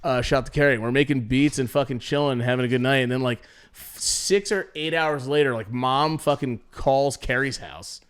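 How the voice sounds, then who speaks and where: A man's voice: mid-range voice, normal speed, clear, resonant tone. Rambling, profane young man telling stories. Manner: rambling, profane, restarts often, acts out quotes. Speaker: podcast host. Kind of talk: casual storytelling chat.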